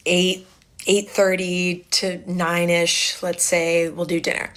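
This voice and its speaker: Young woman, lowish voice, annoyed and chatty, rambling storytime to the camera. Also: completely flat delivery, slow pace.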